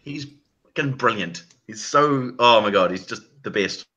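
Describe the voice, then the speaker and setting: A man's voice: mid-range voice, lively intonation, normal speed, pushed and bright, muffled recording. A man in casual chat on a video call, enthusiastic, laughing often and swearing freely.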